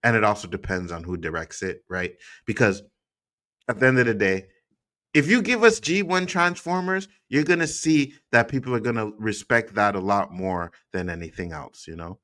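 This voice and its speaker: A man's voice: fairly low pitch, moderate pace, a bit bright. A man hosting a casual pop-culture talk show, reading viewer comments and agreeing with a laugh.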